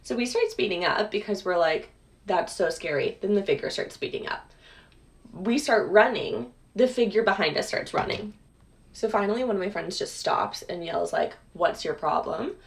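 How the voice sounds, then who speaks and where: A young woman tells a story in a chatty, casual way, filling her sentences with "like" and "um". Her voice sits at a middle pitch. She talks as if to friends. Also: lively intonation, moderate pace, gravelly. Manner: chatty, lots of "like" and "um". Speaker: clip guest telling a story.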